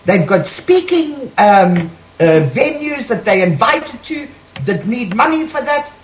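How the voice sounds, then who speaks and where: A woman's voice: a little high, sing-song, takes it slowly, reverberant, muffled recording. A woman on a radio panel, talking emphatically and sassily, calling people sweetheart and darling. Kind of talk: heated radio panel talk.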